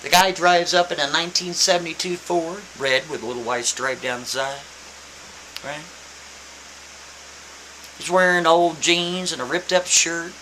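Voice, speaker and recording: A man telling a story in a casual, animated, emphatic way, repeating his points. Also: a little high, unhurried, pauses often, low-quality recording. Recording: faint hiss.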